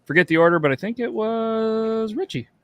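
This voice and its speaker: A man's voice: high voice, moderate pace, clean tone, dry recording, highs cut off. A man from New York co-hosting a podcast, talking loosely with profane jokes. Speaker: podcast co-host. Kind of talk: casual chat.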